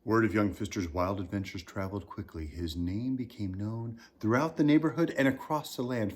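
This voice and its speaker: A man, a children's author, reading a picture book aloud with animated storytelling, swinging pitch and loudness and dropping to a whisper. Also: moderate pace, slight background noise.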